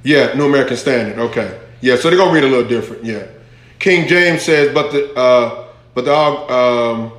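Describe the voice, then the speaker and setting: A man's voice: mid-range voice, moderate pace, fairly bright tone. A man, a pastor, giving a conversational Bible lesson, reading scripture aloud and rising into fervent emphasis. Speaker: pastor teaching a Bible class. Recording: echoey room.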